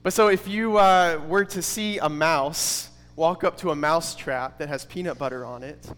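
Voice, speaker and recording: A man's voice: fairly high pitch, normal speed, fairly bright tone, long reverb tail. A man teaching a Bible study in a conversational way, with casual fillers and rhetorical questions.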